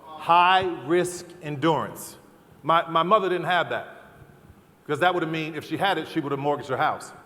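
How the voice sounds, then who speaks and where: A middle-aged man giving a fervent, preacherly convention speech, building to loud repeated calls. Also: fairly high pitch. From American South. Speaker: keynote speaker. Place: large convention hall. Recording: long hall reverb.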